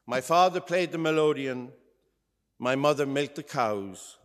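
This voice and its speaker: A man recites a poem slowly and reflectively during a church service. His unhurried lines ring out with a long, hall-like reverb. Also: mid-range voice. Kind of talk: poetry reading.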